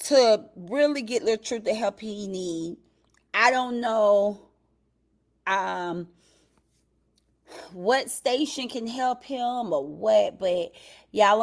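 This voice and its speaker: A woman hosting a casual livestream commentary show, talking straight to her chat in a drawn-out way. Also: mid-range voice. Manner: drawn-out, talks to the chat directly.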